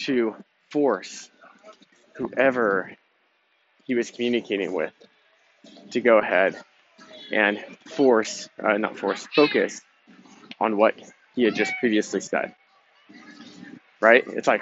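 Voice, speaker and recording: A man's voice: lowish voice, takes it slowly, long pauses, fairly bright tone. A young man hosting a podcast, talking in a casual, emphatic, motivational way with some swearing. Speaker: podcast host. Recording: dull lo-fi sound with faint noise.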